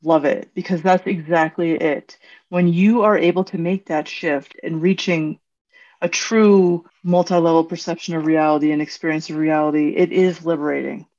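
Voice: mid-range voice, steady tone, normal speed, a little mellow. Earnest podcast host, dull lo-fi sound. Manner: earnest, reflective, curious. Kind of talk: conversational interview. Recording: dull lo-fi recording.

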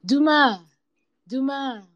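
A woman's voice: fairly low pitch, lively intonation, moderate pace, dark tone, no room sound, lo-fi sound, lightly acted. A woman voicing a small, lonely male cat in a storybook folktale, eager and pleading with bigger animals. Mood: calling eagerly.

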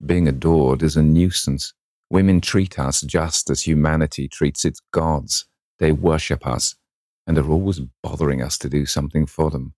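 A man's voice: extremely low pitch, steady tone, moderate pace, darkish tone, dry recording, clean studio sound. A man voicing a worldly, cynical aristocrat in a storybook reading, with a languid, drawling manner. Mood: teasing.

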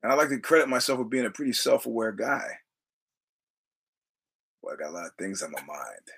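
A man's voice: fairly low pitch, a little fast, gravelly, a bit bright, husky. A man hosting his own podcast, talking in a rambling, digressive way, quoting film lines and laughing often. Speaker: podcast host. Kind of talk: rambling casual monologue.

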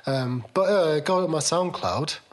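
A man's voice: fairly high pitch, lively intonation, measured pace. A middle-aged man co-hosting a casual podcast chat, dry and rambling with hesitant fillers. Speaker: podcast co-host.

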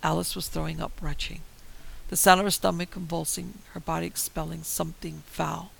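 A man giving tense, measured first-person horror story narration. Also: a little high, little pitch movement, gravelly, fairly bright tone, husky, rough recording.

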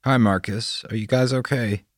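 A man voicing a weary middle-aged father who speaks gently and reassuringly. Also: mid-range voice, fairly even intonation, normal speed, dry recording, studio quality, voice pushed up, lightly acted.

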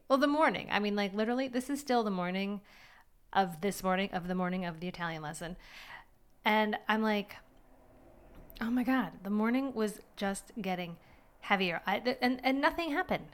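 Middle-aged woman podcasting about her day, smooth clear voice, rambly and self-mocking with little laughs. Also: mid-range voice. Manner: candid, rambling, self-deprecating with small laughs. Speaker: podcast host. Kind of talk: personal reflective monologue.

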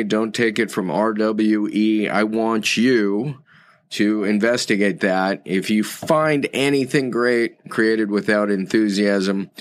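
Slow, low-voiced man teaching a course. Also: dry recording. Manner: unhurried, reflective, fond of quotes. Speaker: course instructor. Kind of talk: recorded course lesson.

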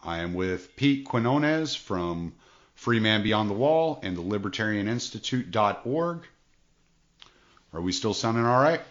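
A man hosting a podcast interview, asking relaxed questions with some halting and fillers. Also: on the low side. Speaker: podcast host interviewing a guest. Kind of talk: casual interview. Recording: dull lo-fi sound.

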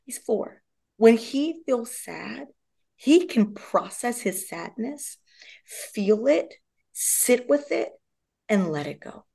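A young adult woman, a guest on a podcast, telling personal stories in a casual, animated way and acting out the voices of people in them. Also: on the high side, slow pace, gravelly, breathy edge. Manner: animated, acts out quoted dialogue. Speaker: guest, movement method founder. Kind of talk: casual storytelling interview.

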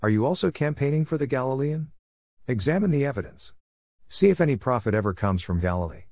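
A man's voice: mid-range voice, expressive, fast, darkish tone, no echo, studio quality, voice pushed up. A man voicing scornful male religious leaders who challenge and dismiss others.

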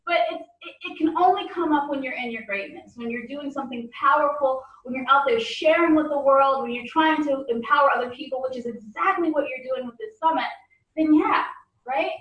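A woman guest on a podcast interview, talking in a casual, animated way and laughing often. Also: sits high, a little fast, roomy sound, far from the mic, lo-fi sound.

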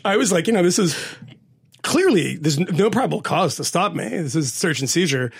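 Husky, high-voiced man telling stories. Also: a little fast. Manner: animated and profane, laughing through anecdotes. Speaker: podcast co-host. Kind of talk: casual storytelling chat.

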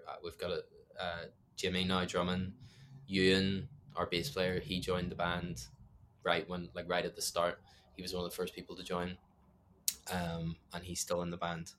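Northern Irish young male musician, deep flat delivery, rambling self-deprecating guest talk. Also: a little hiss or hum. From Northern Ireland. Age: young adult. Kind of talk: casual interview chat.

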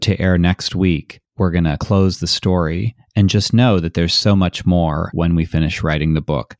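A man's voice: low voice, a little mellow, dry recording, studio quality. A man hosting a podcast interview, talking in a thoughtful, reflective way with frequent restarts. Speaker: podcast host. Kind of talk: conversational interview.

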